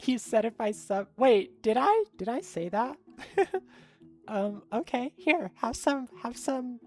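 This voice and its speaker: A woman's voice: fairly high pitch, very animated, takes it slowly, a little mellow. Young woman, live streamer, bubbly and giggly, takes her time, faint music underneath. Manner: bubbly, chatty, laughs often, talks to chat. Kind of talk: casual live-stream chat.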